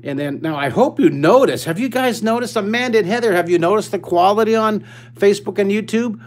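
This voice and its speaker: A man's voice: high-pitched, fairly quick. An older man teaching a live drawing lesson for children over a webcam, enthusiastic and playful, chatting to the kids as he draws.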